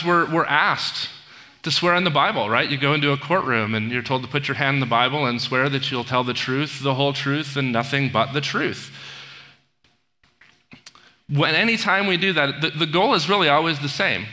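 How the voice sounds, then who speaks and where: With a fairly high, bright, forceful voice at a moderate pace, a man preaches a conversational sermon. He retells film scenes as a story, adding asides and quizzing the congregation, all echoing in a long hall reverb.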